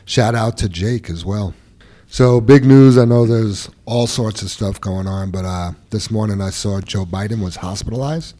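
A man's voice: fairly low pitch, moderate pace. A man hosting a casual workplace podcast, joking and running through announcements. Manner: relaxed, joking, runs the segments. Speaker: podcast host.

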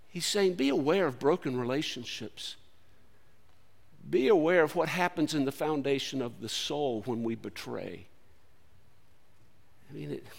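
A man preaching a sermon in an earnest, conversational way that swings between loud lines and hushed ones. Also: on the high side, creaky, in a large hall. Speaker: pastor.

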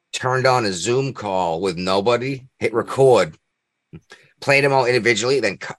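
A man's voice: mid-range voice, a bit bright, no room sound, clean studio sound. A man hosting a podcast in casual chat, rambling, laughing often and ranting with strong opinions. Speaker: podcast host.

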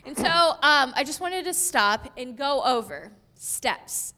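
A woman's voice: high-pitched, animated, takes it slowly, sharp tone. A woman in her thirties giving a conversational sermon in a chatty way, laughing often and using many fillers. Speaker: pastor.

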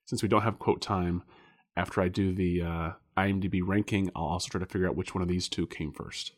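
A man's voice: deep voice, steady tone, fairly quick. A man co-hosting a casual podcast, rambling with many fillers and restarts and laughing often. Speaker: podcast co-host guessing films.

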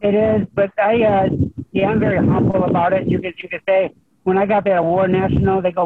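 A middle-aged man, a high school golf coach, talking over the phone in a rambling, humble way with many restarts. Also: flat delivery, fast talker, no room sound. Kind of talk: phone interview guest. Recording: tinny phone line.

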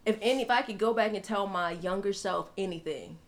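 A woman in casual chat, playful and confessional, with quick reactions to the others. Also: medium pitch.

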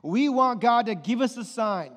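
A middle-aged male pastor preaching a sermon, animated and firing rhetorical questions at the congregation. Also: very high voice, moderate pace. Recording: long reverb of a large hall.

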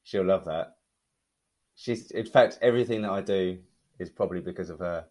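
A young man from southern England with a southern English accent, chatting casually as a podcast guest, self-deprecating and quick to laugh. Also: low voice, darkish tone. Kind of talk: casual chat.

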